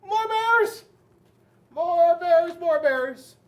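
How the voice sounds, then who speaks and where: A man putting on the voice of a group of young children yelling a chant. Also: very high-pitched, little pitch movement, very slow, pitched above the performer's own voice, full character voice. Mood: shouting.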